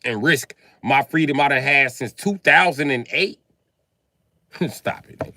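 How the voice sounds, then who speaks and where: A man talking casually on a live stream in a profane, animated way, breaking into laughs between remarks. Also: medium pitch, a little slow, no room sound.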